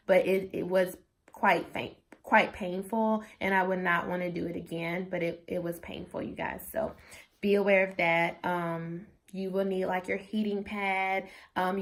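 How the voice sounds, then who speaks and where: A young adult woman vlogging, telling a personal story in a casual, chatty way, saying "like" constantly and acting out what others said. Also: mid-range voice. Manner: chatty, animated, says "like" constantly, acts out quotes.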